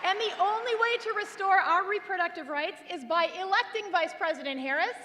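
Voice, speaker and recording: A woman's voice: extremely high pitch, fairly quick, bright, forceful tone. A woman speaking at a political rally, rousing the crowd and leading chants. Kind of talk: rally speech. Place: large indoor rally venue. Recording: echoey arena, crowd noise.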